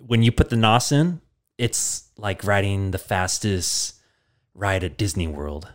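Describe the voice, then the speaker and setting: A man doing a hushed, deep movie car guru. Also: expressive. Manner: low, hushed, drawn-out movie-trailer delivery.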